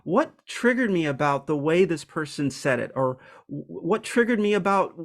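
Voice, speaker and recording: A man's voice: fairly high pitch, animated, moderate pace. A man hosting a self-help video, talking through a personal topic in a casual, reflective way, candid and hesitant, with many ums and restarts.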